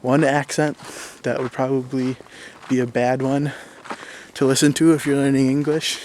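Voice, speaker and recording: A young man with a Minnesotan accent, talking casually to his viewers in a relaxed, rambling way with plenty of fillers. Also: mid-range voice, normal speed, slight background noise. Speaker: YouTuber. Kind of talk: casual talk to camera.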